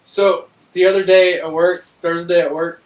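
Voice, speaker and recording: A man with a high voice spins a long work story on a casual podcast, loud and swearing freely. He sounds roomy, caught by a microphone set some way off. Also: moderate pace. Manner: loud, profane, animated storyteller. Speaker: podcast co-host. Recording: roomy room, mic at a distance.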